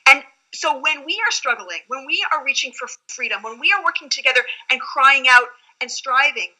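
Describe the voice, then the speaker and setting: A woman's voice: high voice, expressive, normal speed, bright, forceful tone, rough recording. A woman rabbi explaining scripture in an earnest, reflective teaching tone during a study conversation.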